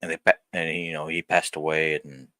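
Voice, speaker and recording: A man's voice: a bass voice, little pitch movement, a little fast, bright, forceful tone, no echo. A man in his thirties talking to camera in a blunt, profane vlog rant that rambles and restarts. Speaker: vlogger. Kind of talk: candid personal vlog rant.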